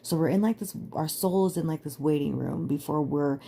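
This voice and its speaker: Low, gravelly woman talking earnestly. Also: brisk, warm tone, slight background noise. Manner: earnest, emphatic, lots of filler "like". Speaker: podcast host. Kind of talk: casual personal monologue.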